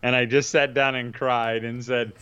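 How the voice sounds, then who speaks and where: Male podcast co-host, smooth voice, laughs through his stories, lo-fi sound. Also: mid-range voice, level tone, moderate pace, sharp tone. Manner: rambling storyteller, laughs often. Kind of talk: casual chat.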